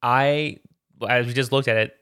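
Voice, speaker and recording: A man's voice: medium pitch, fairly even intonation, moderate pace, fairly bright tone, clear, resonant tone, no echo, clean studio sound. A man co-hosting a podcast in an easygoing, conversational chat. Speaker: podcast co-host. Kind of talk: casual chat.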